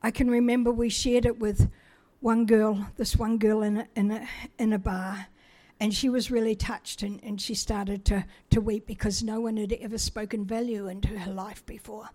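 A woman's voice: mid-range voice, little pitch movement, normal speed, few pauses, mellow. A middle-aged woman from New Zealand telling a personal testimony in a chatty, self-deprecating way, acting out the dialogue as she goes.

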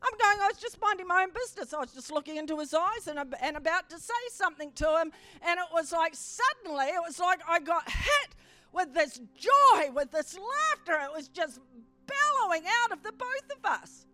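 Woman, preacher, sermon, very high pitch, emphatic swells, dry sound. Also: expressive, brisk, pushed and bright, no echo.

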